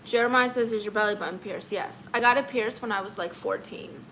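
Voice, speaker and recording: A woman's voice: medium pitch, brisk, fairly bright tone, slight background noise. A woman from Florida hosting a casual live stream, chatting playfully and reading viewer comments aloud. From Orlando, Florida.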